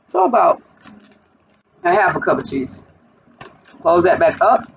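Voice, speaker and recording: A woman hosts a cooking vlog from her home kitchen, talking directly to viewers while she cooks. Her voice is lowish, gravelly, and very animated, with an unhurried pace. The recording sounds distant, muffled, and noisy.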